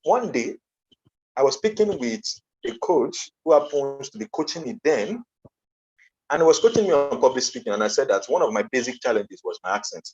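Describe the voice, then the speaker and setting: A man's voice: medium pitch, very animated, moderate pace, a little mellow, slight background noise. A man with a Nigerian accent giving an earnest motivational conference talk as a coach, emphatic and repeating his key phrases. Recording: dull lo-fi online conference audio.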